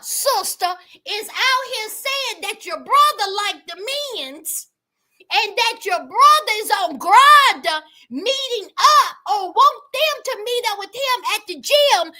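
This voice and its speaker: A woman's voice: very high-pitched, animated, slow, pushed and bright. A woman hosting a reality TV recap in casual commentary, sassy, gossipy and emphatic, repeating phrases for effect.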